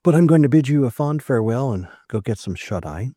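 A man hosting a casual podcast, joking and reacting quickly. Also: medium pitch, no echo, studio quality. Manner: lively, jokey, quick reactions. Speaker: podcast host. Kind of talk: casual chat.

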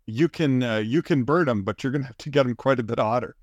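A man with a mid-range voice trades dry, teasing jabs with his co-host in easy podcast banter. He draws his stories out with a deadpan edge. The sound is close and dry, with no room around it. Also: mid-range voice, fast talker, no room sound, muffled recording. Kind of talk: casual comedic banter.

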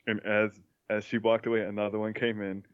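Halting, wry man with a low voice. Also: level tone, smooth, no room sound, phone-quality sound. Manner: halting, many restarts, wry storyteller. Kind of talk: casual chat.

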